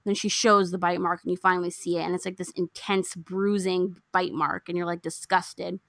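A woman's voice: lowish voice, moderate pace, vocal fry, no echo. A woman chatting casually as a podcast co-host, animatedly retelling a film and acting out the lines. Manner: animated storyteller acting out quotes. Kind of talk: casual movie recap chat.

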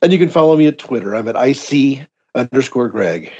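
A male podcaster plugs his show in an offhand, wry way. His voice sits at an ordinary pitch, and the audio sounds dull and lo-fi. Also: expressive, a little fast, a little mellow, husky. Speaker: podcast host. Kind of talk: casual chat, plugging his show.

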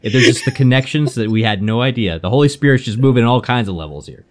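Guy hosting a podcast, talks fast, chatty and amused, middle pitch. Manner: chatty, amused, wraps in follow-up questions. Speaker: podcast host. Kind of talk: conversational interview.

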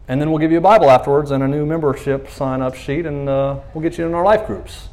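A man's voice: on the high side, fairly even intonation, fast talker, few pauses, darkish tone. A man preaching a casual, conversational sermon, telling stories animatedly and acting out quoted lines in playful voices. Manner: conversational fillers like "you know what I mean". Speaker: pastor.

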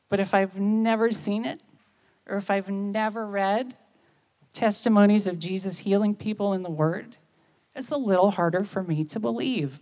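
A woman, giving a conversational sermon and often checking in with listeners with quick questions. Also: medium pitch, a little mellow. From United States. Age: 50s. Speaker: speaker at church.

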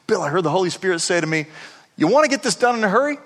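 A man doing an eager young church minister, quick and bright, voice lifting high, long church-hall echo. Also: big pitch swings, exaggerated voice. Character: excited young male church minister retelling.

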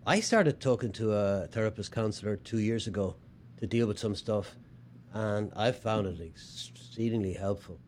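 A man's voice: on the low side, moderate pace, a little mellow. A man hosting a casual conversation, telling stories and reflecting thoughtfully. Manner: reflective storyteller, acts out quotes. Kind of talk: casual chat.

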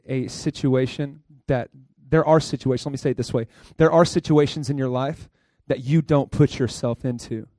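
A male pastor preaching a lively sermon in a conversational way, laughing often and asking the listeners questions. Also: mid-range voice, no room sound, clean studio sound. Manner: conversational, asks the crowd questions.

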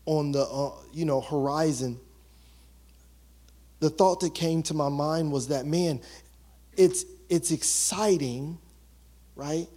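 A man preaching a sermon as pastor, emotional and building to excited shouts. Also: a little high, slow pace, long pauses.

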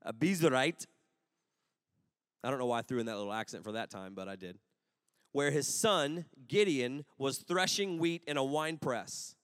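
A man's voice: medium pitch, normal speed, a bit bright, smooth, clean studio sound. A young adult man preaching a sermon, telling personal stories in a casual, humorous way with rambling asides. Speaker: pastor. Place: large room with an audience. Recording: long hall reverb.

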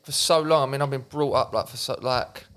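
A young man from Essex speaks as a guest on a comedy podcast. He talks earnestly but haltingly, stumbling and repeating words as he works out his point, in a mid-range voice. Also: mid-range voice, a bit bright. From Essex, England. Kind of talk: casual comedy chat.

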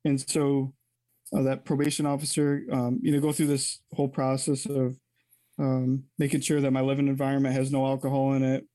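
Guy telling a story in an interview, rambly and candid, warm low-key voice, dry close sound. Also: monotone, brisk, no echo. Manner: candid, rambling, self-correcting. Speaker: interview guest. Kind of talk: casual personal storytelling.

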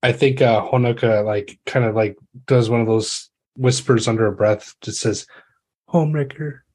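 Husky man rambling at a game table. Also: fairly low pitch, steady tone, moderate pace, a little mellow. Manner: rambling, filler-laden descriptions.

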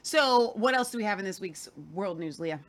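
Bright-voiced chatty woman co-host. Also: medium pitch, lively intonation, a little fast. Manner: chatty, opinionated. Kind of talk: casual news chat.

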